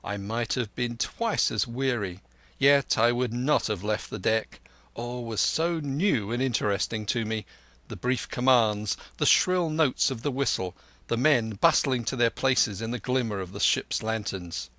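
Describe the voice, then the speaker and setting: A man narrating a classic adventure audiobook in measured storytelling, putting on a voice for each character. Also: medium pitch, pushed and bright, no echo.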